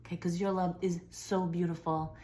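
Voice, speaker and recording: A slightly hoarse woman giving a gentle, affirming spiritual message to viewers, sometimes dropping to a whisper. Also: fairly low pitch, flat delivery, moderate pace, a little hiss or hum. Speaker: spiritual channeler. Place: at home.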